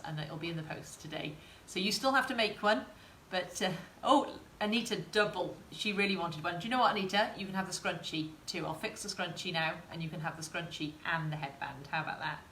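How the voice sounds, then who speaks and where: A woman's voice: on the low side, a bit bright, a little hiss or hum. A woman tutor giving a chatty live sewing demonstration and talking to her viewers. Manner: chatty, encouraging, talks to viewers in chat. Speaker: craft tutor. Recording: roomy echo, faint ambience.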